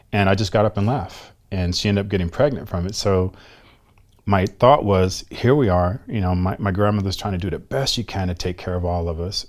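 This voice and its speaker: A man in his fifties, a guest telling a personal story in an interview in a soft-spoken, reflective and earnest way. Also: low voice. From United States. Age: 50s.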